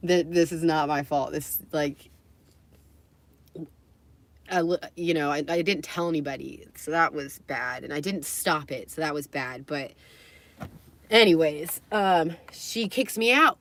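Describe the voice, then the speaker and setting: A woman's voice: sits low, measured pace, pauses often, fairly bright tone. A young adult woman livestreaming, telling a personal story in a candid, rambling way, swearing and laughing between phrases.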